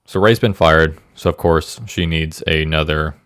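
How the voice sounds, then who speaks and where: A man with a deep voice, recorded dry and close, casually tells a true-crime story to his co-host. He rambles and fumbles his lines with self-deprecating humor, and he keeps things loose and conversational. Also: fairly even intonation, unhurried, fairly bright tone, clean tone, no echo. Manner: rambling, self-deprecating, stumbles over words. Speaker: podcast co-host. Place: Indiana.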